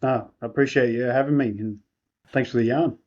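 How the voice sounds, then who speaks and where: A softly spoken Australian man, a guest in a casual podcast chat, his voice at an ordinary middle pitch. He talks hesitantly, pausing and restarting often. The recording sounds a little dull. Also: steady tone.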